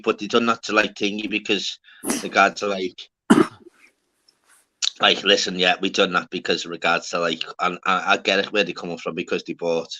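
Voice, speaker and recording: A brash man hosts a loose livestream chat, swearing freely and dropping "lad" into every sentence. His voice has a bright, forceful edge. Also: deep voice. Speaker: livestream host. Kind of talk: casual chat.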